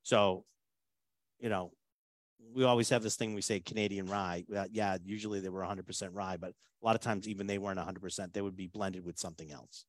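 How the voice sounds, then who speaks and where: A man hosting a whiskey tasting, chatting casually and joking, often trailing off into quieter asides. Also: low-pitched, fairly even intonation, fairly quick, no echo.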